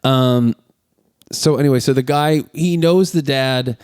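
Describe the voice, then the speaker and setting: This is a man of middle pitch talking through a film on a podcast. He tells the scenes in a loose, chatty way and jumps into voices for the characters. The recording is close and dry, with no room sound. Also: measured pace, smooth, dry recording. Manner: animated retelling, acting out characters' lines. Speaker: podcast co-host. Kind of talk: casual movie recap chat.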